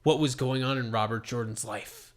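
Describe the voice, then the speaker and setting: A young man co-hosting a casual podcast, telling stories with loud exaggerated quotes, recorded in a shared room. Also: mid-range voice, moderate pace. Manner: animated storyteller, jumps into loud exaggerated quotes. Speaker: podcast co-host. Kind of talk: casual chat. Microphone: poorly set up mic.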